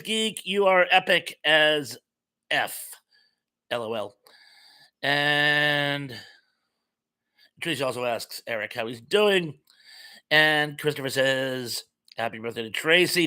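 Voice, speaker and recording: A man's voice: a little high, bright, forceful tone. A middle-aged man from Massachusetts hosting a casual live chat, reading viewers' comments aloud and adding jokey asides. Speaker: livestream host.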